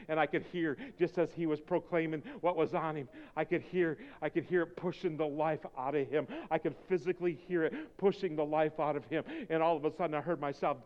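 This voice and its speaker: A male preacher delivering a fervent sermon, moving from quiet, intimate talk to loud, urgent pleading. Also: fairly high pitch, fairly even intonation, a little fast, hardly any pauses, muffled recording. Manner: fervent, swings between quiet intimacy and shouting. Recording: long hall reverb.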